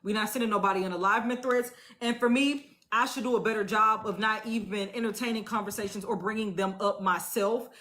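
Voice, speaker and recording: A woman's voice: mid-range voice, fairly even intonation, fairly quick, hardly any pauses, pushed and bright. A woman hosting a live stream, explaining her opinion in a rambling, conversational way with many restarts. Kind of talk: casual commentary on a live stream.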